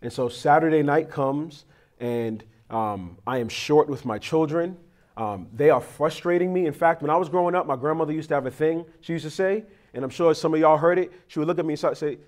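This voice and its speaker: A man's voice: on the high side, a little fast, a little mellow. A man, a pastor praying and then preaching in a conversational, confessional, storytelling way. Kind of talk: sermon with prayer.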